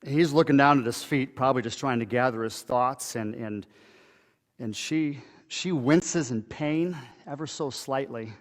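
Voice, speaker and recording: Man telling a story in an echoey hall. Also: medium pitch. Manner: conversational storytelling with halting pauses and restarts. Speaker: pastor. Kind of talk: dramatic first-person monologue in a church service. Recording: echoey hall with long reverb.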